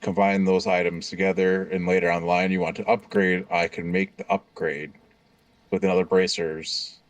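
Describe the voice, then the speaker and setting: A man with a very deep voice plays a tabletop game and plans out loud in a rambling, halting way. He sits well back from a dry, dead-sounding mic. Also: flat delivery, dry recording, far from the mic. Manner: rambling, halting planning talk. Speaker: player. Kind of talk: casual tabletop game chat.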